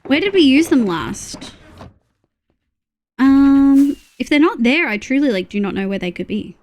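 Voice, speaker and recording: Australian woman, game streamer, grumbling, swearing, chatting with viewers, fairly high pitch. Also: big pitch swings, measured pace, darkish tone. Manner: grumbling, swears freely, talks to chat while playing. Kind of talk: casual game stream chat.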